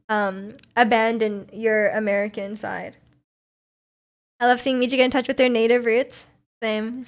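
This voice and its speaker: This streamer from Canada has a voice on the high side with a fairly bright tone. Reading comments from her chat, she stays bubbly and giggly, often starting her sentences over.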